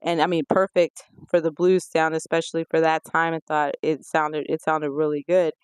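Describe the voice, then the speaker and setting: Recapping a film scene by scene, this reviewer keeps things casual and brings quotes to life by acting them out. The mid-range voice moves at a moderate pace and sounds clear and resonant, with no trace of the room.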